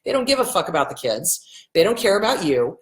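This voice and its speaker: A woman's voice: on the low side, big pitch swings, a little fast. Blunt, emphatic woman in echoey room. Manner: blunt, emphatic, swears freely. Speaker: therapist answering viewer questions. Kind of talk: casual advice talk.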